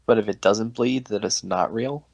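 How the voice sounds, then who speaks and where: A man's voice: lowish voice, normal speed, a little mellow, dry recording. A young man co-hosting a casual podcast, stammering through restarts and laughing easily. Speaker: podcast co-host. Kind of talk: casual chat.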